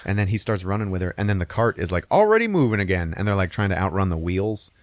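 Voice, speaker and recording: A man hosting a podcast, casually recapping a movie with an animated, profane delivery and frequent laughs. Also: low-pitched, fast talker, no room sound. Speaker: podcast host.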